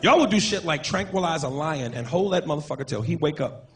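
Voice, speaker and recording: A man doing a crude, animated stand-up comedy set on a club stage with a handheld mic. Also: fairly high pitch, a little fast. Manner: crude, animated, profane jokes. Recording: noisy live club recording. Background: audience laughter.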